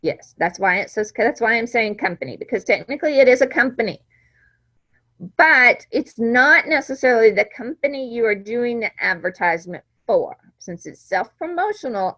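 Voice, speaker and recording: A woman's voice: fairly high pitch, animated, normal speed, fairly bright tone, low-quality recording. Chatty woman teacher lecturing a class. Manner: conversational, checks understanding with "right?".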